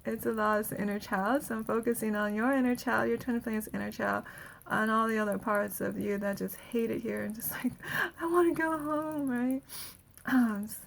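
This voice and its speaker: A woman's voice: mid-range voice, flat delivery, a little fast, creaky, slight background noise. A woman energy healer giving a casual guided healing talk, chatty and laughing often between phrases.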